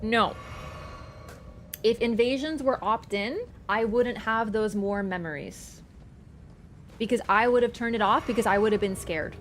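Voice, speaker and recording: A young woman game streamer chatting casually with her viewers, telling stories in an animated, excitable way and swearing freely. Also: a little slow, long pauses, slight background noise. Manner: animated, excitable storytelling with sudden high squeals. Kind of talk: casual livestream chat. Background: background game music.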